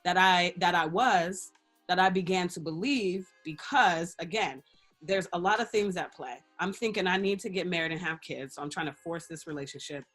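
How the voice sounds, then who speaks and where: A woman's voice: lowish voice, moderate pace, soft background music. A woman guest in a casual interview, telling a personal story candidly and acting out the lines of people in it, often laughing. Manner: expressive, laughs often, acts out quoted dialogue. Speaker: interview guest, radio personality and life coach.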